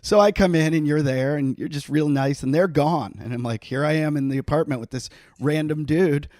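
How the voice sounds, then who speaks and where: A middle-aged man hosting a podcast, telling a story in a casual, animated way and laughing often. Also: fairly high pitch, normal speed, no echo, studio quality. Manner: animated, laughing, acts out quotes. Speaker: podcast host.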